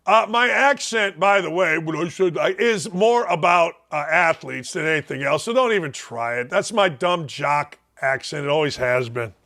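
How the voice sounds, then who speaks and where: A high-pitched older man hosts a sports talk show with a blunt, mocking edge. He jumps from loud jabs down to low, grumbling mutters. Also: expressive, normal speed. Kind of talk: opinionated sports talk rant.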